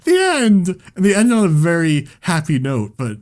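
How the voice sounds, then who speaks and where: A man tells a story in casual chat with a lively, swooping delivery. He swears freely and laughs along with his own tale, in a slightly high voice. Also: brisk. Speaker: podcast host.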